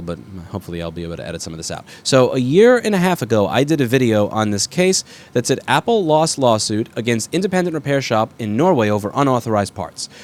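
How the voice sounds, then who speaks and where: A man with a fever hosts a loose, rambling commentary. He is blunt and frank, corrects himself mid-sentence and swears now and then. His voice sits at an ordinary middle pitch. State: sick with a fever. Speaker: repair shop owner and video host. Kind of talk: casual rambling commentary to camera.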